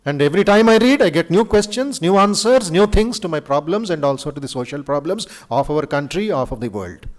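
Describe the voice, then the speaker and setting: Animated Indian monk lecturing, high voice. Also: male voice, a little fast, hardly any pauses. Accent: Indian English. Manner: animated storyteller, acts out quoted speech, chuckles. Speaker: monk giving an inaugural lecture. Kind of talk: spiritual lecture to students. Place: university auditorium.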